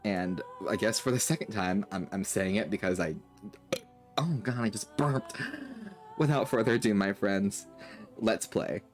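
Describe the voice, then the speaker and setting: A man's voice: fairly low pitch, a little slow, faint music behind. A man hosting a let's play of a video game, chatting casually in a rambling, self-deprecating, jokey way. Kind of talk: casual gameplay commentary.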